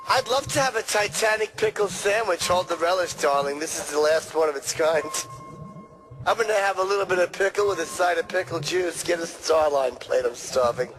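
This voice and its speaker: A gossipy old yenta kvetches and cracks wise in a radio comedy sketch, as a man puts her on. The voice sits a little higher than a plain man's talk. A music bed plays underneath. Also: low-quality recording. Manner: kvetching, wisecracking banter. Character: gossipy old Jewish woman on a sub.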